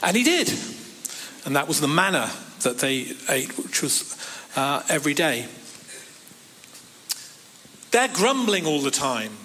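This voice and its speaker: A fairly high-voiced man delivers a sermon. He reads scripture passages aloud and breaks in with dry, wry asides. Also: animated, measured pace, pauses often, sharp tone, slight background noise. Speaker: preacher.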